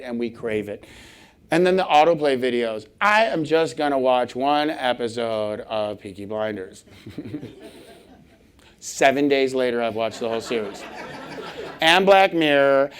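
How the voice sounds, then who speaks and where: A middle-aged man giving a humorous conference talk, animated and laughing often as he acts out little scenes. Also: medium pitch. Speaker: conference speaker. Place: conference hall stage.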